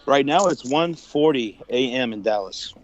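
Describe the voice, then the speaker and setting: A man calling in to a sports talk stream, friendly and relaxed as he breaks down the game. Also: mid-range voice, moderate pace, lo-fi sound, slight background noise. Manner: friendly, relaxed, says man and brother a lot. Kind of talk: casual sports analysis.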